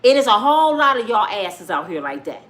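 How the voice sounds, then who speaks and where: A woman giving casual, profane celebrity gossip commentary in a loud, animated way. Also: medium pitch, brisk. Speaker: vlogger.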